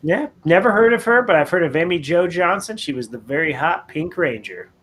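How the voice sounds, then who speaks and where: A man's voice: on the high side, lively intonation, fairly quick, a bit bright. A man co-hosting a radio show in casual banter, joking and slipping into put-on voices. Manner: jokey, slips into silly put-on voices. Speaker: radio co-host. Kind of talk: casual on-air banter with joke bits.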